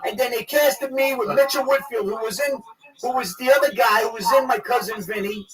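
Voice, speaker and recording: A man with a New York accent telling a profane story as a guest, loud and excitable, acting out the quotes. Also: extremely high pitch, brisk. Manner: loud, excitable, swears a lot, acts out quotes. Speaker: guest actor. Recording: distant mic, noisy crowd behind.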